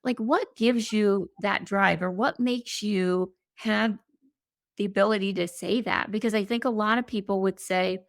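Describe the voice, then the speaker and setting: Gravelly-voiced woman interviewer. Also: medium pitch, fairly even intonation, unhurried, no room sound, studio quality. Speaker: host.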